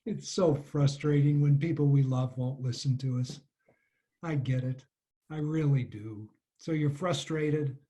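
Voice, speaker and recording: Calm woman coach on a video call. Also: rumbling low, a little slow. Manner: calm, validating, gently playful. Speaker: leadership coach hosting a webinar. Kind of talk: webinar coaching.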